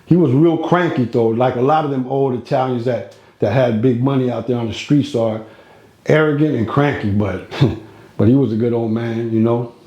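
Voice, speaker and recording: A man's voice: medium pitch, normal speed, warm tone, muffled recording. A man telling a casual, slangy, rambling story from his own life, recorded with a roomy echo. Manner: slangy, rambling, street talk.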